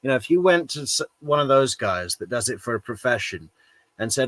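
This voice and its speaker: A man hosting a true crime commentary, talking casually and haltingly, with laughs and frequent fillers. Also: mid-range voice, lively intonation, a bit bright, dry recording.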